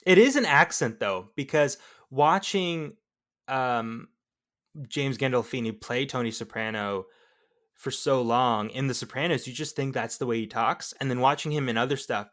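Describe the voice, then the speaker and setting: A man co-hosts a casual movie podcast, joking around and tossing out quick opinions. He speaks in an everyday, mid-pitched voice. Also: fairly bright tone. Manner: jokey, offers hot takes. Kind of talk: casual film discussion.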